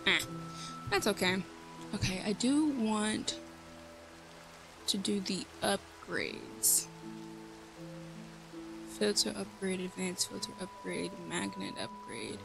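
A woman's voice: mid-range voice, animated, slow pace, vocal fry, long pauses, music in the background. A woman giving casual gameplay commentary, chatty and thinking aloud, joking at herself. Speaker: let's play host.

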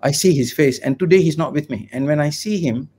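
A man's voice: a little high, a little fast, a little mellow, slightly rough. Impassioned Malaysian English man. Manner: impassioned, ranting, argumentative. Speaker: lawyer and writer guest. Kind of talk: online video interview.

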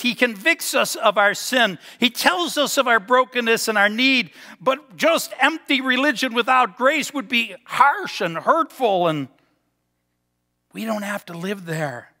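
A man delivering a sermon in a high, bright voice that rings with a long hall reverb. He tells stories and draws out key words to land a point. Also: expressive. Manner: storytelling, slows for emphasis. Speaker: pastor. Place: church sanctuary.

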